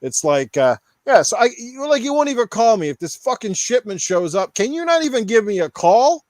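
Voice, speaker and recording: A man's voice: high-pitched, very animated, brisk, no echo, clean studio sound. A man, hosting a casual podcast, ranting heatedly with lots of swearing. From Newfoundland, Canada. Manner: heated, swearing, mocks store clerks in put-on voices. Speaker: podcast host. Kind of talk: casual profane rant.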